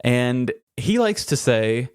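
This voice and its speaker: A man's voice: medium pitch, big pitch swings, slow, clean tone, dry recording, studio quality. A man co-hosting a podcast, telling a story in casual chat and mimicking coworkers' voices. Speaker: podcast co-host.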